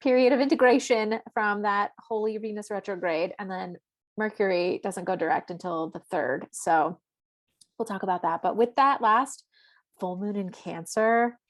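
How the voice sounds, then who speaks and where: A woman's voice: mid-range voice, measured pace. Chatty woman podcast co-host. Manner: chatty, rambling, full of "like". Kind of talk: casual chat about astrology.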